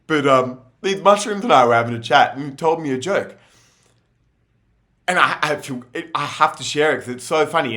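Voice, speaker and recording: A man's voice: a little high, sharp tone. A young man telling rambling, laughing, slangy stories in a casual monologue. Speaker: vlogger.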